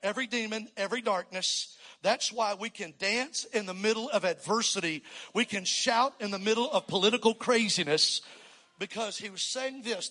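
A pastor preaching a sermon to a church crowd, rising to loud emphatic calls and getting the crowd to respond. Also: male voice, high voice, in a large hall. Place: large church.

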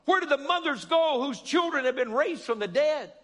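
A man preaching a sermon, calling out to the congregation and rising to shouts. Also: very high voice, lively intonation, moderate pace, long reverb tail.

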